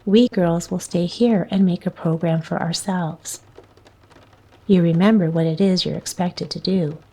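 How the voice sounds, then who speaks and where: A woman reading aloud and voicing an earnest, well-meaning young girl who speaks eagerly. The voice is slow and mellow. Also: on the low side, fairly even intonation, breathy edge. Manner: earnest, eager, at times dismayed.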